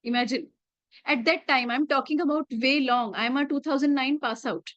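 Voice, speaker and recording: A woman's voice: sits high, normal speed, fairly bright tone, dry recording. A woman in her late thirties with an Indian accent, a teacher telling classroom anecdotes in a chatty way and mixing in Hindi phrases. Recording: slightly muffled dry recording.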